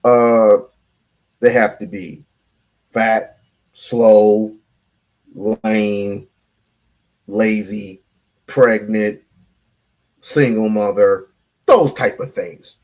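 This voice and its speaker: A man's voice: on the low side, fairly even intonation, very slow, long pauses, a little mellow. A man hosting a casual reaction show, blunt, profane and sarcastic. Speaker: show host.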